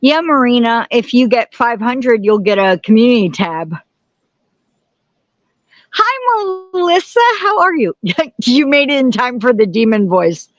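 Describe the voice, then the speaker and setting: A woman's voice: fairly high pitch, moderate pace, few pauses, no echo, lo-fi sound. A woman hosting a casual live stream from home, chatting and greeting viewers by name. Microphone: camera on tripod.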